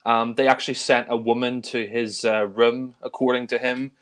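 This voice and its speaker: A man's voice: mid-range voice, flat delivery, normal speed, fairly bright tone. A man co-hosting a casual film discussion, chatty and enthusiastic, rambling on with lots of asides.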